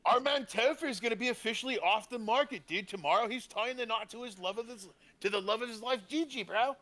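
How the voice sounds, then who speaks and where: A man's voice: very high voice, quick pace, sharp tone. A man co-hosting a role-played talk show in laid-back slang, ending lines with man or bro.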